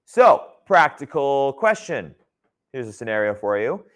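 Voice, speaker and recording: A man's voice: mid-range voice, sing-song, a little slow, fairly bright tone. A man teaching a geology class in a conversational lecture style, often checking in with his students. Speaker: geology instructor.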